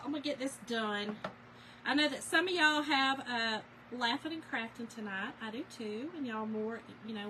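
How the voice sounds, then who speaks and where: A woman's voice: on the high side, noisy background. A chatty woman, telling stories to viewers and reading their names aloud during a casual crafting livestream.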